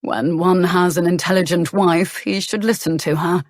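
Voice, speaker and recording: A woman narrator voicing a charming, rueful young nobleman in a calm, earnest manner. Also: fairly low pitch, normal speed, no echo, clean studio sound, lightly acted.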